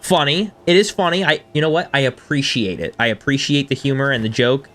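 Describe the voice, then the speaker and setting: A man in his thirties talks casually over a game he is streaming, chatting with his viewers and poking fun at himself. His voice sits at an ordinary middle pitch. Soft music plays faintly behind him on a desk microphone. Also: brisk. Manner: chatty and self-deprecating, reading chat aloud. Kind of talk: casual live-stream chat over gameplay.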